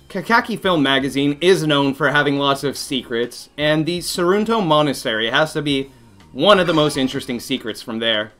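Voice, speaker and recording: Bright, animated man doing game commentary. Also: a little high, normal speed, faint music behind. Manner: reads game text aloud, then reacts with laughter and playful mock outrage. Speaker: gaming commentator. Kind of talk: comedic let's play commentary.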